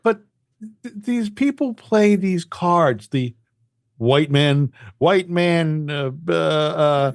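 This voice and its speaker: A man's voice: on the high side, dry recording, studio quality. A man co-hosting a podcast in casual chat, a former radio broadcaster who talks emphatically, swears a lot and often repeats words.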